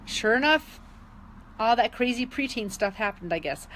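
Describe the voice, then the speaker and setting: Casting note: middle-aged woman with a high voice, sincere and emotional, telling a story over a faint hum. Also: animated, normal speed, a bit bright, rough recording. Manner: earnest, emotional, with frequent um fillers and restarts. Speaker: wellness advocate sharing testimonies. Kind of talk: casual personal storytelling.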